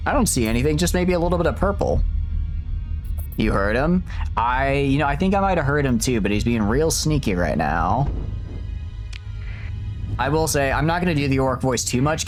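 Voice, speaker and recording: A man with a mid-pitched voice chatters casually over his gameplay, poking fun at himself and tripping over his own restarts. He also reads the game's story text aloud. Faint music plays underneath. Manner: chatty, self-mocking, quick restarts. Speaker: streamer.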